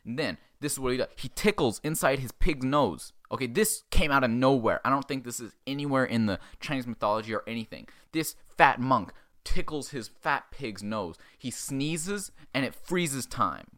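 A man hosting a podcast, giving a crude, sarcastic comic recap of a film and acting out the characters in quick asides. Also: medium pitch, fairly bright tone. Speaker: podcast host.

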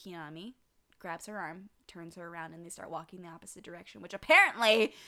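A woman co-hosting a casual recap chat, animated, swearing freely and acting out quotes. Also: on the low side, quick pace. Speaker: podcast co-host.

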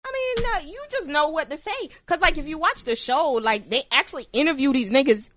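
Animated bright-voiced woman host. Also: sits high, brisk, slight background noise. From Broward County, Florida. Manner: animated, laughs often. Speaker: podcast host. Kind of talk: casual interview chat.

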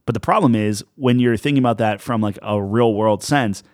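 Young male co-host, lowish voice, casual and filler-heavy, dry room. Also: fairly quick, no echo. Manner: loose, filler-heavy, lots of "like". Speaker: podcast co-host. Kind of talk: casual chat.

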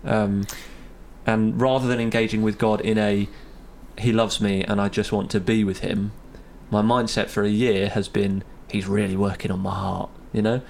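A man's voice: lowish voice, level tone, moderate pace, vocal fry, a little mellow, slight background noise. A young man hosting a podcast, chatting easily about faith and often laughing. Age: young adult. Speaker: podcast host. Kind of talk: casual chat on faith.

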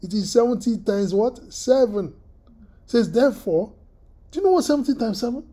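A preacher delivers a sermon in a mellow, husky voice. The delivery halts and doubles back on words, with frequent throat-clearing and questions tossed to the listeners. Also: medium pitch, lively intonation. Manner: halting, repeats words, asks the listeners questions.

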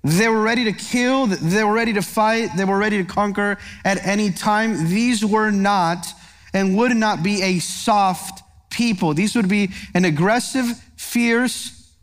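A man's voice: high-pitched, a little slow. A male pastor preaching a verse-by-verse sermon, earnest and emphatic, putting rhetorical questions to his congregation. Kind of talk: expository sermon. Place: church sanctuary.

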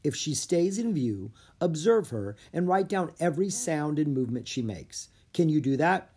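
A reader voicing a calm, patient male panda keeper who explains things politely. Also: mid-range voice, moderate pace, breathy edge, pitched above the performer's own voice. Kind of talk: storybook read-aloud.

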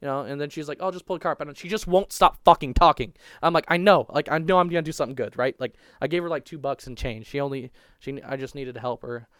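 A young man chatting in a crude, profane podcast ramble, hurrying through his stories and stumbling over restarts. His voice is clean and smooth. The recording is dry and close, with no room sound. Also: fairly high pitch, fast, a bit bright, no echo. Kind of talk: crude casual storytelling.

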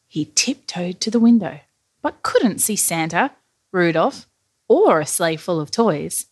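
A woman reading a children's story aloud in a lively, animated storytelling manner. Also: mid-range voice, no echo, clean studio sound. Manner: lively, animated, slow-paced narration.

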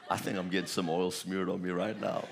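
A man's voice: deep voice, creaky. A man preaching a charismatic sermon, repeating phrases, chuckling often and breaking into tongues. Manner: repetitive, chuckling, bursts into tongues.

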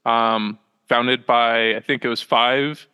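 A young man chatting as a podcast guest from a small room at home, with a bright, forward tone that stays flat and even in pitch. He rambles and halts, piles up fillers and corrects himself mid-sentence. His smooth voice trails a long reverb behind it. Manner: rambling, halting, full of fillers and self-corrections. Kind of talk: casual interview chat.

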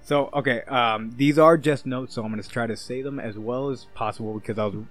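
A man's voice: medium pitch, fairly quick, a bit bright, soft background music. A man co-hosting a casual chat, rambling and joking with lots of fillers.

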